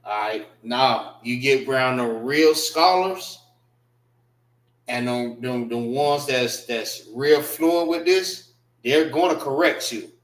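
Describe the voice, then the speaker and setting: A man leads a class in a relaxed, slangy way and goes over each word again and again. He talks very slowly, and his voice sits in the middle of the range. The room around him is bare and echoey. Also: mid-range voice. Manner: slow, repeats and spells out words, casual slang. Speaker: teacher. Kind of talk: classroom language lesson.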